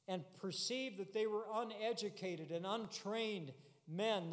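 A man preaching a sermon, earnest and building to emphatic, repeated declarations. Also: high voice. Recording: long reverb of a hall.

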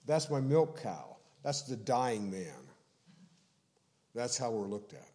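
A man preaching an expository sermon, explaining scripture in a measured way and slowing down to stress key phrases. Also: medium pitch, very animated, a little mellow. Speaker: pastor.

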